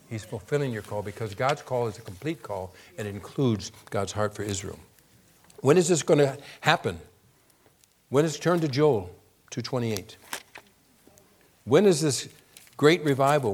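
A man's voice: mid-range voice, darkish tone, slightly rough. Conversational male preacher. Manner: conversational, asks the audience questions; rises to emphatic when reading scripture. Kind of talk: sermon.

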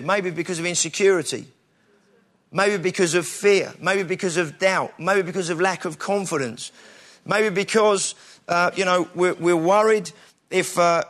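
A man's voice: high-pitched, fairly bright tone. A middle-aged British man giving an informal, conversational sermon, with frequent restarts and self-deprecating asides. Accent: British English. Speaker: preacher.

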